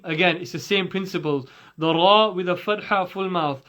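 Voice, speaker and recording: Guy teaching quran recitation, highish voice, patient, keeps repeating sounds, kinda muffled recording. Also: brisk, fairly bright tone.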